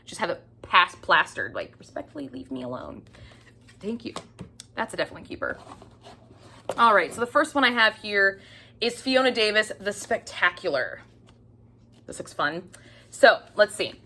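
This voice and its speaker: Chatty bright-voiced woman book vlogger. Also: medium pitch, very animated, normal speed, pauses often, a little hiss or hum. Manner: chatty, gushing, doubles her words for emphasis; casual, with the odd swear word. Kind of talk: casual book review chat.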